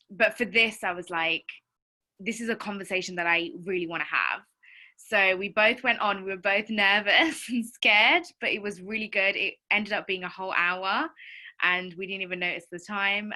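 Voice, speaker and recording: A woman chatting excitedly on a group video call, rambling with many fillers. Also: mid-range voice, moderate pace. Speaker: call participant. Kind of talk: casual group-call chat.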